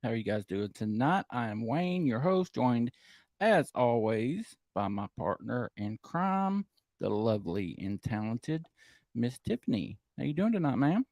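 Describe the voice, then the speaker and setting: A man's voice: mid-range voice, unhurried, no room sound. A man hosting a live paranormal podcast, joking and bantering with his co-hosts. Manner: animated, joking host banter. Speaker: podcast host.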